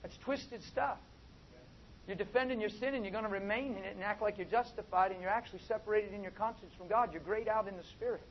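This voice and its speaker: A man preaching a sermon, swinging from soft asides to loud, drawn-out emphatic phrases. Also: high voice. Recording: dull, lo-fi with faint noise.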